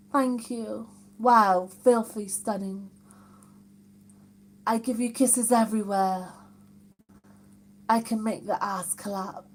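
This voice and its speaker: A woman hosting a casual live stream from home, reading viewer comments aloud and reacting with amused exclamations. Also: medium pitch. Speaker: livestream host.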